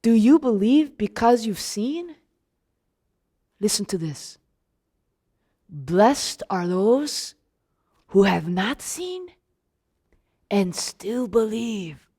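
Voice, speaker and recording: A woman putting on a gentle, solemn Jesus. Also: mid-range voice, big pitch swings, slightly rough, voice pushed down, heavily acted. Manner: slow, soft, solemn. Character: the risen Jesus, a gentle, calm man.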